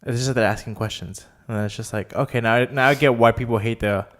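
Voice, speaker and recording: A man's voice: medium pitch, steady tone, quick pace, a bit bright. A man co-hosting a casual podcast, giving opinions hesitantly with lots of fillers. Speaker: podcast co-host. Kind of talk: casual chat.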